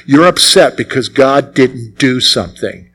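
A man's voice: mid-range voice, expressive, unhurried, gravelly, fairly bright tone, breathy edge, poor audio. A man preaching a sermon as pastor, emphatic and repeating his key phrases.

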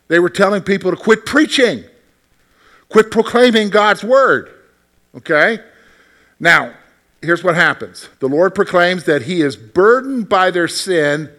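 A man's voice: high voice, sharp tone. Man teaching a Bible lesson. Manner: conversational, asks the class questions.

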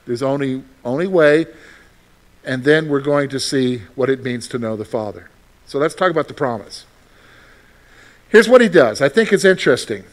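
A middle-aged man, a pastor, reading scripture slowly and then preaching with lively rhetorical questions. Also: medium pitch. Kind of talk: sermon.

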